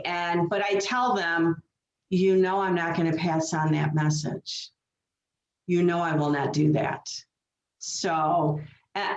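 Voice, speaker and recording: A woman medium telling stories in a casual interview, lively and full of acted quotes. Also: lowish voice. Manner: animated storytelling with acted quotes. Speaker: medium, guest. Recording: roomy, dull lo-fi sound.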